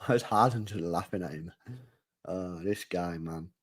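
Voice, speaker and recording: Young man, football watchalong streamer, excitable, loud reactive outbursts. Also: low-pitched, moderate pace, slightly rough. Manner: excitable, shouting groans of disgust. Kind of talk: live football watchalong commentary.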